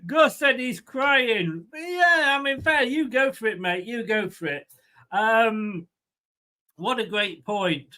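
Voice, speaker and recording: A man's voice: sits high, slow pace, pauses often, pushed and bright. A man with a light, rambling, chatty manner, hosting a live football watchalong and reading out viewer comments. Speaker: host of a fan watchalong.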